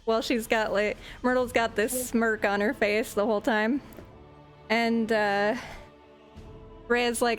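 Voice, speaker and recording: A woman's voice: on the high side, level tone, slow pace, long pauses, faint music behind. A woman narrating a tabletop game as game master in a casual, rambling way, sometimes searching for words.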